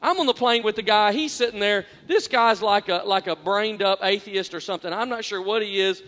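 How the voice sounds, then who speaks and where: A man preaching a sermon as a pastor, earnest and self-deprecating, repeating phrases for emphasis and swinging between quiet and loud. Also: high-pitched, a little fast. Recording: long echoing hall reverb.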